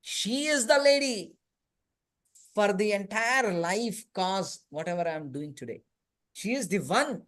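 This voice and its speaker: A man's voice: high voice, lively intonation, a little slow, a bit bright. A man voicing a condemned male criminal who bitterly blames his aunt, in a classroom story. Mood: accusing.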